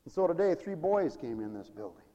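A man preaching a sermon with fervor, swinging from loud cries to hushed storytelling. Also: on the high side, sing-song, fairly quick, dull audio. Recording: reverberant hall.

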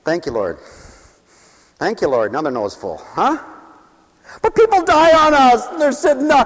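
A man preaching a comic, theatrical sermon, dropping to hushed asides and then shouting as he acts out little scenes. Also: very high-pitched, big pitch swings, normal speed, pauses often, in a large hall.

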